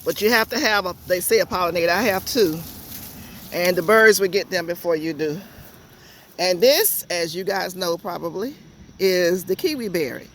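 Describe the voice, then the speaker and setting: A woman's voice: on the low side, normal speed, fairly bright tone, a little hiss or hum. Chatty Southern woman touring her garden. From Georgia, USA. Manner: chatty, folksy, addresses viewers directly. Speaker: home gardener vlogger. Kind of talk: casual garden tour talking to viewers. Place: outdoor backyard garden.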